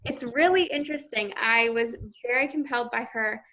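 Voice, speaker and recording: Young female student, halting casual speech, sharp bright tone. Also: a little high. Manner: hesitant, lots of "like" fillers. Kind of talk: casual chat.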